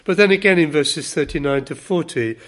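Earnest man preaching a measured sermon. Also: a little high. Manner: measured, earnest, gently emphatic.

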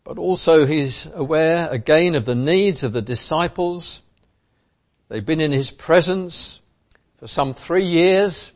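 A man's voice: fairly high pitch, slow. A man preaching a sermon in an emphatic way, driving points home by repeating key phrases.

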